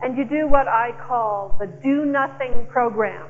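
A woman speaker giving a slow, emphatic inspirational talk to a church audience, teasing the crowd now and then. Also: a little high, narrow, tinny audio. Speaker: guest speaker.

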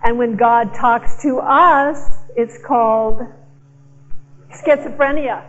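A woman speaker giving a slow, emphatic inspirational talk to a church audience, teasing the crowd now and then. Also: fairly high pitch, dull audio. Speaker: guest speaker.

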